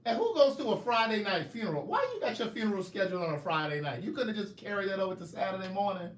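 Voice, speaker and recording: A man's voice: sits high, quick pace, roomy sound. A man author chatting casually on a live stream, telling stories and teasing his viewers. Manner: animated storytelling, joking, teasing viewers.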